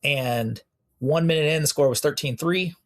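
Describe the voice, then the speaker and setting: A young American man, a police officer and interview guest, telling animated stories and acting out the exchanges he quotes. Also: fairly high pitch, normal speed. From United States. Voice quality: gravelly, husky voice. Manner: animated storyteller who acts out quoted exchanges. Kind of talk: casual storytelling in an interview.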